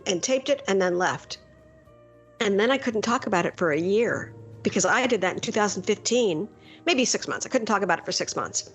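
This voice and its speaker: Middle-aged voice actress chatting, acts out quotes, faint music under her. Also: medium pitch. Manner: lively anecdotal, acts out quoted lines. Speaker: voice actress guest. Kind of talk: casual interview storytelling.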